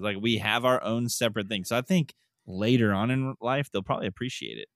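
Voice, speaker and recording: Middle-aged guy co-hosting a podcast, lowish voice, lively and laughing, dry close sound. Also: quick pace, dry recording. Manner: animated, laughs often, restarts. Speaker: podcast co-host. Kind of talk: casual chat.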